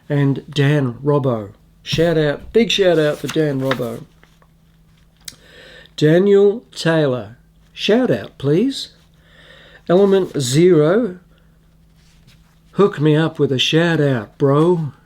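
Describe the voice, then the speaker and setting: A middle-aged Australian man, a food vlogger, casually reading viewer questions aloud and answering them at an unhurried pace. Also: on the high side, darkish tone.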